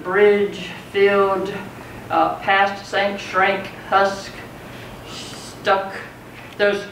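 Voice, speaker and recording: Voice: mid-range voice, a bit bright. A poetry teacher giving a conversational classroom lecture, often checking in with the students. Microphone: far from speaker. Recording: roomy classroom, mic far off, faint noise.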